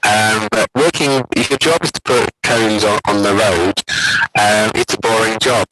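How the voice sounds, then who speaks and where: A man's voice: lowish voice, measured pace, over music, poor audio. A man giving an academic conference talk, explaining and acting out quoted intonations. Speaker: conference lecturer.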